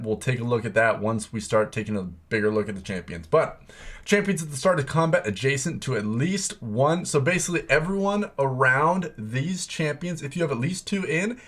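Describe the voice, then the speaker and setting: A young man giving excited, exclamatory commentary while walking through a video game's new features. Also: a little high. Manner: excitable, exclamatory, lots of "oh my gosh". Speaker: game content creator.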